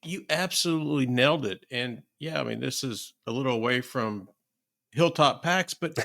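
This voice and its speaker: A man's voice: medium pitch, normal speed, creaky, fairly bright tone, no echo. Podcast host guy, casual, encouraging, dry room. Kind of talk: casual chat.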